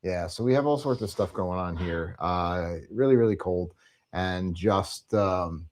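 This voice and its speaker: A man's voice: deep voice, unhurried. Casual, rambling man hosting a travel show. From New Jersey. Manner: rambling, many fillers and restarts. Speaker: cruise travel show host. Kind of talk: casual live-stream chat.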